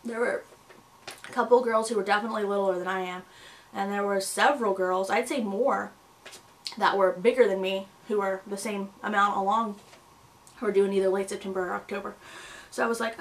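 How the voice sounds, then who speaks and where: A young woman chatting casually to camera in a vlog, full of fillers, with a slightly husky morning voice. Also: mid-range voice, fairly even intonation, fairly quick, poor audio. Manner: chatty, lots of fillers and likes. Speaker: pregnant vlogger.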